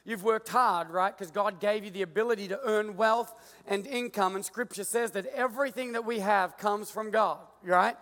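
A man with an Australian accent preaching in a high, light voice. He jokes with the crowd and acts out his points on stage. The sound carries a long reverb from a big hall. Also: moderate pace. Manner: playful, joking, animated with the crowd. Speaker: pastor. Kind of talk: lively sermon with stage illustration. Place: large church auditorium.

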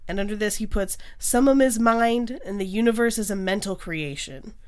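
A woman's voice: medium pitch, normal speed. A woman hosting a podcast, reading an odd story aloud and mocking it between bursts of laughter. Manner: frequent laughter, mocking asides. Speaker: podcast host. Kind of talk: casual chat, reading a text aloud.

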